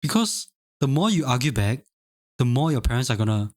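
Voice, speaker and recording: A man's voice: mid-range voice, very animated, fairly quick, darkish tone. A young man streaming live, chatting casually with lots of stammered restarts and laughter. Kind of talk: casual chat.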